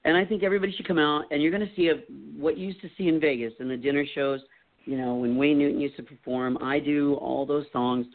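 A man's voice: on the high side, fairly even intonation, fast. An older man chatting as a guest in an interview, in a jokey, rambling way. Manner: jokey, rambling, slips into impressions. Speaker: guest entertainer. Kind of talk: casual interview chat. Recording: tinny phone line.

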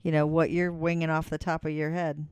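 A co-host in a casual chat, easygoing and quick to chime in with agreement. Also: mid-range voice, level tone, darkish tone, clear, resonant tone, dry recording. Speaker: podcast co-host.

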